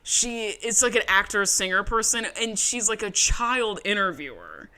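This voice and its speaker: A woman co-hosting a podcast, chatting casually in a profane, animated storytelling way. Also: medium pitch, normal speed. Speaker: podcast co-host. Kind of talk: casual recap chat.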